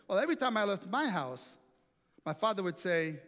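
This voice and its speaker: High-voiced preacher in a reverberant hall. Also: male voice, sing-song, moderate pace, fairly bright tone. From Italy. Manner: storytelling, playful, asks the audience questions. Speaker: pastor. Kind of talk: sermon. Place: large hall with an audience.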